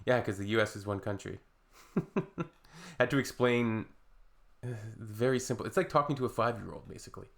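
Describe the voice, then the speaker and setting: A man's voice: on the low side, quick pace, vocal fry, a bit bright. A man hosting reaction commentary in a sarcastic, mocking way. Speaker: reaction video host.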